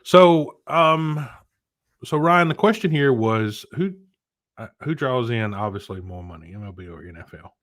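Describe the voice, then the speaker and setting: A man co-hosting a casual chat show, rambling and animated, who rants with many restarts. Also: medium pitch, a little slow, no echo, clean studio sound. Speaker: podcast co-host.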